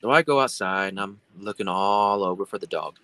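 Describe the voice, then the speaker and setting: A man's voice: on the low side, brisk, pushed and bright, no echo. A man, a guest telling a long story on a video call, rambling with many fillers and restarts. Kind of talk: casual storytelling.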